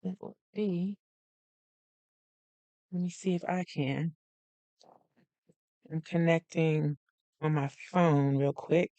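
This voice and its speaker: Woman doing a planner livestream, slow easy talker, dry close sound, chatty with her viewers. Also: low-pitched, steady tone, mellow, no room sound. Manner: chatty, greets viewers by name, thinks aloud. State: a little out of breath. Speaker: planner vlogger hosting a live stream. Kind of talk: casual live-stream chat.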